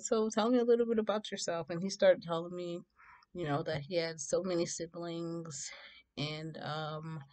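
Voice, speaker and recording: A young woman vlogger telling a storytime tale, chatty and animated. She speaks in a slightly low voice and acts out the quotes. She laughs along as she goes. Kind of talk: casual storytime.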